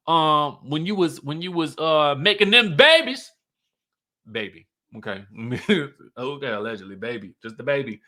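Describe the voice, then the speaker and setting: A man's voice: fairly high pitch, animated, normal speed, pushed and bright. A man giving a casual, sassy reality-TV recap, laughing often and quoting the cast. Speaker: show recap commentator.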